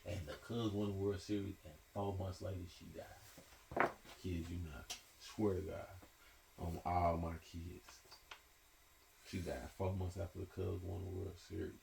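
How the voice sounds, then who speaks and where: A man, hosting a casual group chat. He tells stories animatedly, swings between loud and soft, and laughs often. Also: low voice, little pitch movement, a little slow, vocal fry, long pauses. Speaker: podcast host. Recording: echoey room, faint hiss.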